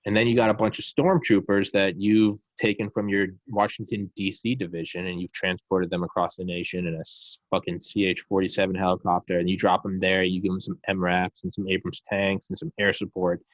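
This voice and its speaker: A man in casual podcast chat, ranting in a profane, animated way and slipping into mocking voices. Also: low voice, brisk, few pauses, no echo, muffled recording.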